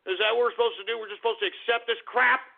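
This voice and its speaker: A man's voice: extremely high pitch, fairly even intonation, very fast, vocal fry. A man hosting a talk radio show, ranting heatedly, swearing and stammering in agitation. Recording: phone-like lo-fi radio audio.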